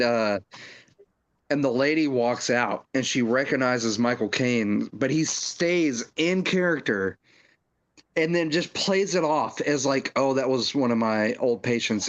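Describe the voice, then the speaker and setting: A man talks through a film with a slow, unhurried pace and a middle-pitched voice. He rambles, restarting sentences and filling gaps with "like" and "you know" in easy podcast chat. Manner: rambling, many fillers and restarts. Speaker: podcast co-host. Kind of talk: casual film discussion.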